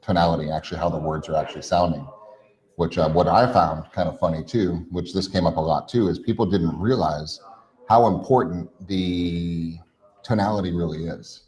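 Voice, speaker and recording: Deep-voiced man coaching in rapid lists. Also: a little mellow, rough recording. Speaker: podcast co-host. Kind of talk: casual chat.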